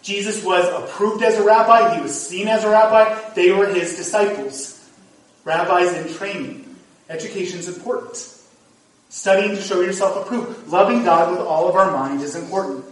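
A high-pitched man speaks at normal speed, preaching a sermon as pastor with earnest and occasionally emphatic delivery. The congregation can be heard in the echoey sanctuary, and the microphone sits far away.

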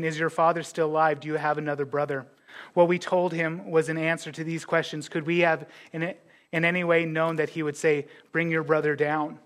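A high-pitched man preaching a sermon as pastor. He talks in a lively, conversational way, acts out what the characters say, and drops in casual asides. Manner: animated, acts out biblical characters' words.

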